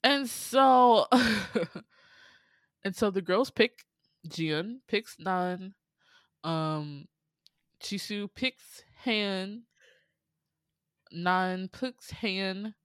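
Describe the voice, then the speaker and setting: A woman casually recapping a dating show on a podcast, animated, laughing and playfully exasperated as she tells it. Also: mid-range voice, very slow, long pauses, clear, resonant tone, dry recording. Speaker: podcast host.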